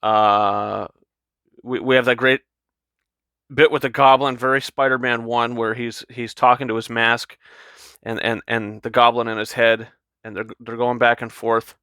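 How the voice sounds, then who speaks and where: A man's voice: mid-range voice, flat delivery, measured pace, pushed and bright, clear, resonant tone, no room sound, studio quality. A man giving a casual, enthusiastic spoken film review, rambling with lots of fillers and restarts. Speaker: movie reviewer.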